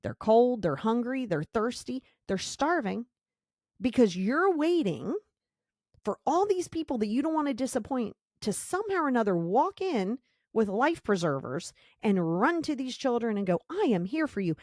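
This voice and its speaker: A woman's voice: a little high, big pitch swings, moderate pace, a little mellow, dry recording. Woman, podcast host, motivational monologue, blunt, emphatic, repetitive, dry close sound. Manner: blunt, emphatic, repeats key phrases.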